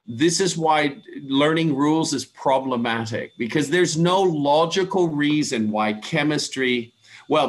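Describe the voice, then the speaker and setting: A man from the USA teaching English pronunciation in an online class, patiently repeating words slowly for students to copy. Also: fairly high pitch.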